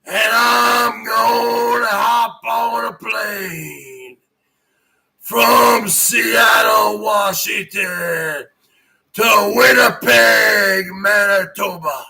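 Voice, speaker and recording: Man putting on a boastful backwoods moose hunter: hoarse, gravelly, pitched very high and bright, hollered slowly. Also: slight background noise, exaggerated voice. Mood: boastful hollering. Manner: shouting, barking "huh?" between phrases. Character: loud boastful male moose hunter from Manitoba.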